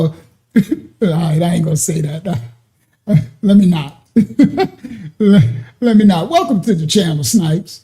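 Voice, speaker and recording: A livestream host with a dark, mellow tone talks to the chat with steady mid pitch. The delivery is teasing and mocking, full of short taunting questions and frequent laughter as trolls are called out. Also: a little slow, long pauses. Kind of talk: livestream reacting to chat comments.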